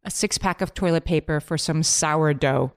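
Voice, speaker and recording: A woman co-hosting a podcast in casual chat, talking quickly and emphatically with lots of "like". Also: low voice, clear, resonant tone. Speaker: podcast co-host.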